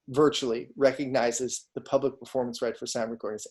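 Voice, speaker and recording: A man's voice: mid-range voice, little pitch movement, a little fast, hardly any pauses, darkish tone. A man giving an online law lecture over a video call, talking conversationally and often checking in with his students. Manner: conversational, asks students frequent questions.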